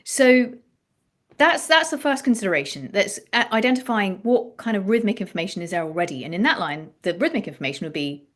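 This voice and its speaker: A woman songwriting coach explaining ideas in an animated interview chat, restarting her phrases as she thinks aloud. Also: medium pitch, brisk.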